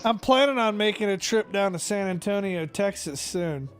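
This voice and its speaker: A man from Kansas telling stories in a casual chat, swearing constantly and animated. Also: high voice, normal speed, faint music behind. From Kansas, USA.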